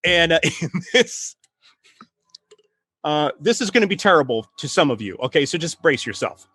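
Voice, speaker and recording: Animated, higher-pitched man telling stories. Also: normal speed, husky. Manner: animated, laughing storyteller, many restarts. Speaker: podcast host, writing coach. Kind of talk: casual chat.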